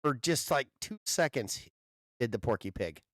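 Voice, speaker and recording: A man co-hosting a casual podcast, telling animated stories and teasing his friend with frequent laughs. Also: medium pitch, moderate pace, no room sound, clean studio sound. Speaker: podcast co-host. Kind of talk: casual chat. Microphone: new podcast microphone.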